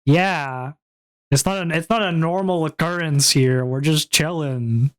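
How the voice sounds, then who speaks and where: Slow-talking playful male streamer. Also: fairly high pitch, clear, resonant tone. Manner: playful mock-outrage, rambling and stammering; loud, rowdy bursts of laughter. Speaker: VTuber streamer. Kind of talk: casual chat stream.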